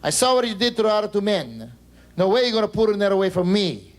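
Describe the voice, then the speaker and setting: A man on a live stage playing a frightened Portuguese man who shouts back indignantly and fast. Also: high-pitched, lively intonation.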